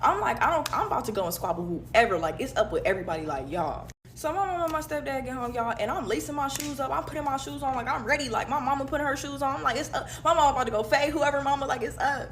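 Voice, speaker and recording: A woman telling a storytime to camera, rapid, heated and emphatic. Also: sits high, lively intonation, fairly bright tone, slight background noise.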